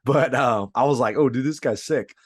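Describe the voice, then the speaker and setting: A man's voice: medium pitch, normal speed, no room sound, studio quality. Casual, profane man co-hosting a podcast. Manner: loose, profane, says dude a lot. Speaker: podcast co-host. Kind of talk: casual sports chat.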